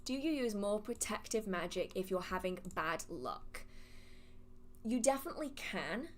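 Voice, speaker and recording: A woman hosting a live witchcraft Q&A, chatty and animated, laughing often as she reads questions from the chat. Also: medium pitch, normal speed, slight background noise. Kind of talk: casual livestream Q&A, reading chat questions aloud.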